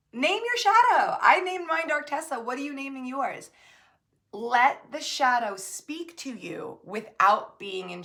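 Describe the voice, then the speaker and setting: A woman spiritual coach giving a casual motivational talk to camera, chatty and emphatic, full of fillers and tag questions, calling the listener babe. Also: fairly high pitch. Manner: many fillers and tag questions, swinging between loud bursts and soft asides.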